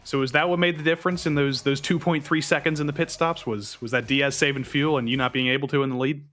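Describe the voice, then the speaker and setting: A man's voice: mid-range voice, steady tone, quick pace, fairly bright tone. A man interviewing drivers after a race, asking questions in a playful, upbeat way. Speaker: pit reporter interviewing drivers.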